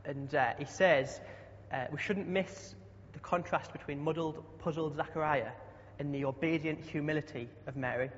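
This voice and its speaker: A man's voice: fairly high pitch, fairly even intonation, normal speed, few pauses, slight background noise. A young man preaching a chatty sermon, often asking the congregation questions. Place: church hall. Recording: dull sound with long hall echo.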